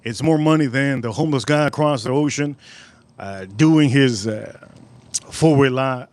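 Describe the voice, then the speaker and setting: A man hosting a live stream outdoors at a barbecue, chatting casually and rambling through animated stories. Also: medium pitch, unhurried.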